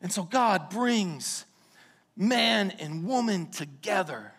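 A man preaching from the pulpit in a high, lively voice that swings widely in pitch. He breaks into sudden shouts and playful asides to the congregation. His words ring out with the long reverb of a large church hall. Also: unhurried. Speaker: pastor. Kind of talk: sermon.

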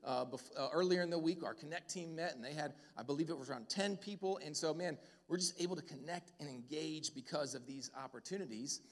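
A pastor making energetic church announcements to the congregation, enthusiastic and full of fillers. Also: male voice, fairly high pitch, a little fast, few pauses. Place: church sanctuary. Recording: church hall reverb.

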